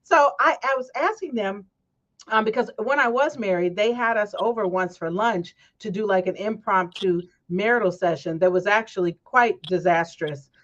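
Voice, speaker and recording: Lively woman telling a chatty story. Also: medium pitch, moderate pace. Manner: animated storytelling, acts out quoted voices. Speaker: host. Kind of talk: casual chat. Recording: dull lo-fi stream audio.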